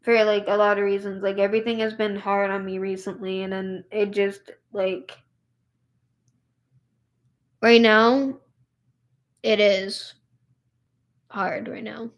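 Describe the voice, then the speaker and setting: A woman's voice: medium pitch, flat delivery, slow, pauses often. Young woman, streamer, weary and emotional, casual chat full of "like" and "literally". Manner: emotional, tired, heavy use of "like" and "literally". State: tired and upset.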